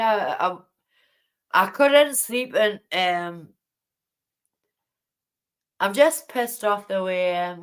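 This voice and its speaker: A woman hosting a late-night livestream from home, rambling and indignant as she chats to her viewers and greets them by name. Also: mid-range voice. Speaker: livestream host. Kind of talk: casual livestream chat to viewers.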